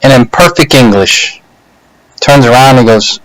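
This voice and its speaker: A man speaks into his laptop webcam in a small room, telling a personal story in an easygoing way. His voice sits at an average pitch and sounds dry and close, with no room echo. He pauses often, filling gaps with soft hesitations. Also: animated. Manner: unhurried, halting, many "uh" and "you know" pauses. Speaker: speaker giving a practice speech. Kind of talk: casual personal storytelling to camera.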